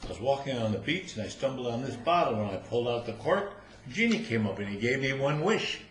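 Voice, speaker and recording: A man's voice: mid-range voice, very animated, close to an everyday voice. A man voicing a down-and-out barfly who rambles in a hurry, in a roomy room. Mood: pleading. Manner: rambling, hurried. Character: down-and-out barfly man with a tiny act. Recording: roomy hall with faint noise.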